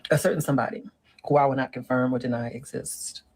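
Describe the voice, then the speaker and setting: This low-quality clip features a medium-pitched, steady voice that talks fast, sounds a little mellow, and stays close to an everyday register. The performer is playing a sassy middle-aged woman lecturing on romance, calling her listener "girl" and "honey" throughout a comic relationship-advice routine.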